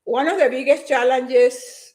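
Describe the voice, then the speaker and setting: A woman's voice: high-pitched, steady tone, unhurried, darkish tone, roomy sound. A woman giving a hyper, emphatic motivational talk to her live-stream viewers, repeating her points with force.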